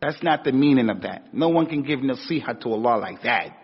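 A US man teaching an Islamic lecture speaks briskly in an expressive, slightly rough mid-range voice. Emphatic, he repeats key words and rises sharply on rhetorical questions; the recording is dull and echoey, made in a hall.

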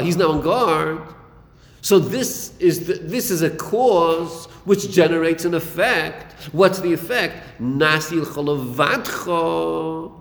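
A man teaching a Chasidic text class, acting out dialogue and repeating his phrases. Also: fairly high pitch. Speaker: Torah teacher. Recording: echoey room with long reverb.

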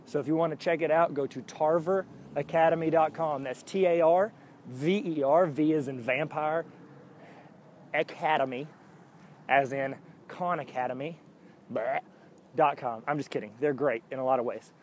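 Speaking at a moderate pace in a voice on the high side with a darkish tone, this man runs a solo podcast with a little hiss or hum audible. He's upbeat and jokey, rambling casually and frequently restarting to tease himself.

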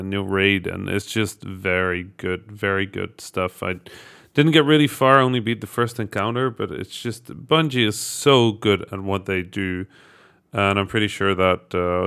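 A podcast co-host and editor talking casually, with plenty of pauses and fillers. His voice sits low with a gravelly edge, yet it sounds bright and crisp. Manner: relaxed, halting with many fillers. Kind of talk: casual chat.

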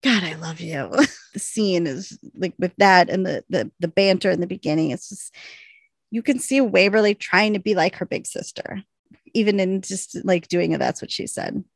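Woman, podcast co-host, casual episode recap, animated, laughs often, slight vocal fry, dry close sound. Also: mid-range voice, normal speed, no echo. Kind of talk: casual chat.

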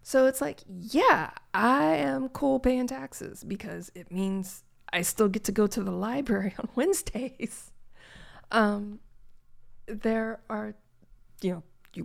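Slow, gravelly-voiced woman chatting. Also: on the high side. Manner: unhurried, reflective, halting with fillers. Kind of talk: casual chat.

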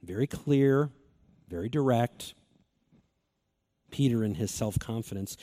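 A man preaching a sermon as pastor, earnest and emphatic, repeating key phrases and slowing down for stress. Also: medium pitch, animated, mellow. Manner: earnest, emphatic repetition, swings between quick and slow phrasing.

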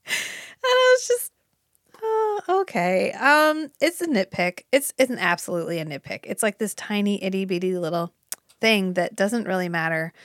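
A woman co-hosting a casual chat podcast, opinionated and animated, swearing now and then as she talks. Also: fairly low pitch, no room sound, studio quality. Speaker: podcast co-host.

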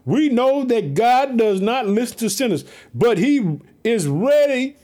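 Animated, high-voiced man preaching scripture. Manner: animated, talks straight to listeners, repeats phrases, casual slang; swings between raised, quick bursts and low, slow asides. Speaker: preacher reading and explaining scripture. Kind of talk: lively Bible reading with commentary.

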